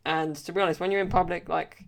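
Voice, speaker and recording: This solo podcast host rambles through casual stories with lots of fillers. He talks fast in a creaky, somewhat high voice that holds a steady tone.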